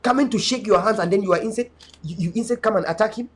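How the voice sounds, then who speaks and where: A man's voice: sits high, fast, slightly rough. A man, hosting an online show and giving an impassioned, pleading address with a preacher-like cadence.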